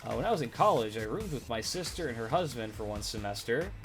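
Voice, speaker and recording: A man's voice: medium pitch, expressive, fast talker, fairly bright tone, soft background music. A young man streaming, telling stories in a rambling, profane casual chat with many fillers.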